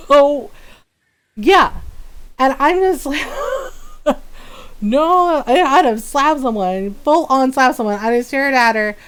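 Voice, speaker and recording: A young adult woman streaming live, telling a story in a casual, animated and indignant way, often laughing as she talks. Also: sits high, moderate pace, few pauses, smooth.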